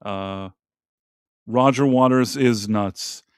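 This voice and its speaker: A male host talks loosely and bluntly, wandering between topics and dropping the odd swear word. His voice is mid-pitched and the sound is dry and close, with no room around it. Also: takes it slowly, clean tone, no echo. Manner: blunt, opinionated, rambling with profanity. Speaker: podcast host. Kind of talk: casual live-stream chat.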